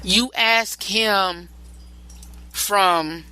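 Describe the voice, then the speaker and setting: A man's voice: sits high, very slow, pushed and bright, slight background noise, rough recording. A male podcast host giving relationship advice in a rambling, repetitive and preachy solo talk.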